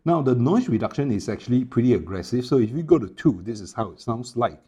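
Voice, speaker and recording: A man's voice: medium pitch, fast talker. A man, casually demoing a small wireless mic at home, explaining with lots of fillers. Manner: relaxed explaining with many fillers. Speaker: tech reviewer. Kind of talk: product demo vlog. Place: home room with air conditioner. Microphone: small wireless clip mic.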